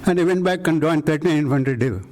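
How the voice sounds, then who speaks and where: A man's voice: on the high side, fast, darkish tone, poor audio. An older man from India recounting his career to a live audience, telling an emphatic story and acting out the dialogue. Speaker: invited speaker recounting career. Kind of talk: live lecture anecdote. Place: lecture hall.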